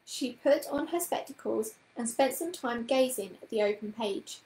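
A woman reads a children's storybook aloud in a calm, even way. Her voice sits a little high, and the room gives it a noticeable echo. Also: normal speed. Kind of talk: children's book read-aloud. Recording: roomy echoing room.

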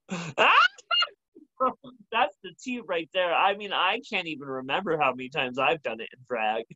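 A man's voice: on the high side, normal speed, sharp tone. A man hosting a casual interview chat, sassy and campy with playful slang, heard on a dull lo-fi recording. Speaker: talk show host.

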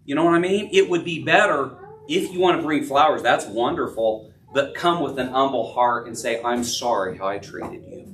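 A middle-aged man preaching a sermon as pastor, earnest, rising and dropping in pitch and loudness. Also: normal speed, slight background noise. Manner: earnest preaching, rises and drops in pitch and volume. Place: church sanctuary. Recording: echoey room, voice from a distance.

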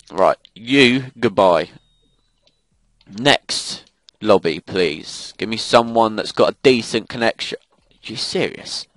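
Young guy raging at a shooter, sweary rants, lowish voice, dry close sound. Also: a bit bright, no echo. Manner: swearing, ranting, frustrated outbursts. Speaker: gaming commentator. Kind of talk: live gameplay commentary.

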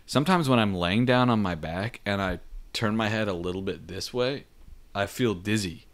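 Deep-voiced laid-back man. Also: normal speed, a bit bright. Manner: laid-back, storytelling, says "dude". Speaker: podcast co-host. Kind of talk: casual chat.

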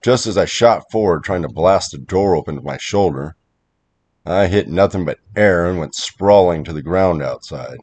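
Man, very low voice, first-person horror narration, measured, tense at times. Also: animated, a little mellow.

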